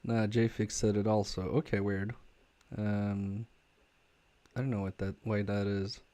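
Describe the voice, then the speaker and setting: Slow, mellow-voiced man on a live stream. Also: lowish voice, flat delivery. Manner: halting, many fillers and restarts, chuckling asides. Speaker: repair livestreamer. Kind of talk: casual live-stream chat.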